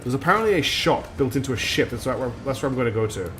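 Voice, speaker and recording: A male streamer talking over his game in a relaxed, chatty way, thinking out loud and joking at his own expense. His pitch sits mid-range, with faint game music underneath. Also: quick pace. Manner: chatty, laughs at himself, thinks aloud. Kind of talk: casual let's-play commentary.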